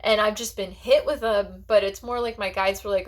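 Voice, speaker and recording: A woman's voice: mid-range voice, fairly even intonation, normal speed. A woman talking as a psychic in a personal vlog monologue. She rambles in a heartfelt way and fills her talk with "like" and restarts.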